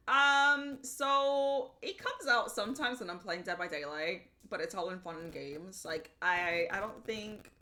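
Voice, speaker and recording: A woman's voice: fairly low pitch, sharp tone. A young adult woman from Puerto Rico streaming live, chatting casually and greeting her chat by name.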